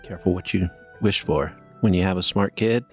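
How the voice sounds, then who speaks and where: A man's voice: low voice, brisk, husky, soft background music. A man co-hosting a podcast, reading listener stories aloud in a plain way and trading dry banter. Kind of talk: casual podcast chat and story reading.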